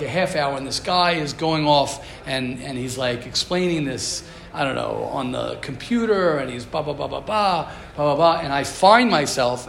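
A man with a high voice gives an informal class to yeshiva students, mixing personal stories with lessons. He grows animated and stacks up emphatic repeated lines. The room is echoey, with faint noise behind him. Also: vocal fry. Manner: animated, builds to emphatic repetition. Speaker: yeshiva rabbi teaching a class. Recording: roomy echo, faint background noise.

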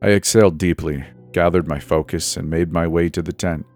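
A man narrating a scripted first-person horror story in a tense, steady way. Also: deep voice, a little fast, faint music behind.

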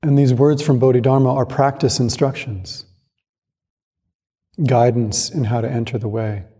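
A man giving a calm, reflective dharma talk as a Zen monastic teacher, speaking in a measured way with pauses. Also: mid-range voice, husky. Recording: long hall reverb.

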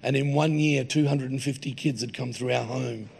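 A man's voice: medium pitch, fairly even intonation, moderate pace, gravelly, darkish tone, husky. A man preaching in a church, mixing jokey anecdotes with sermon points. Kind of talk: humorous sermon storytelling. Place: church hall.

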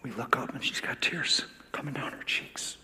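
A male pastor preaching a sermon, shifting from hushed, near-whispered asides to loud, fervent declarations with repetitive, rousing phrasing. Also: medium pitch, normal speed, breathy edge. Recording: reverberant hall sound.

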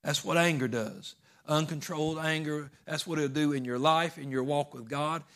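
A man's voice: on the high side, moderate pace, fairly bright tone. Folksy preacher man. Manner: folksy, emphatic storytelling with repeated phrases. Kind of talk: sermon.

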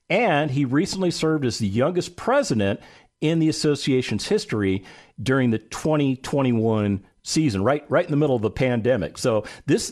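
A middle-aged man hosting a radio talk show, animated and playful, building up his guest with emphatic asides. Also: medium pitch.

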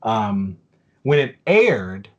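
A man's voice: on the low side, very animated, very slow, lo-fi sound. A man in his forties on a casual podcast, telling a story with lots of fillers and restarts. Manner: rambling, with many fillers and restarts.

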